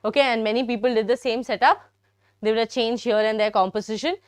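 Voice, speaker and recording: A woman's voice: fairly high pitch, steady tone, quick pace, smooth, dry recording. A young woman with an Indian English accent teaching a live biology class, chatty and teasing, often turning to her students. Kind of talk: live online biology lesson.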